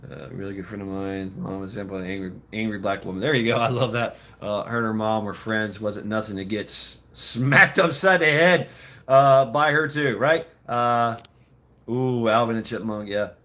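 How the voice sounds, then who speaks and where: Middle-aged man, casual rambling chat, bright tone, frequent laughs. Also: lowish voice. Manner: rambling, laughs often, puts on quick voices.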